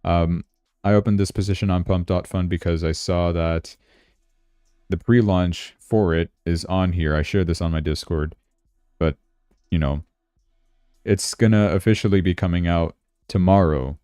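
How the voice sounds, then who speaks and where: A man's voice: low voice, steady tone, moderate pace, dark tone, clean tone, no room sound, clean studio sound, soft background music. A man hosting a casual crypto livestream, chatting and thinking aloud as he checks his charts, sounding tired. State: yawning, tired.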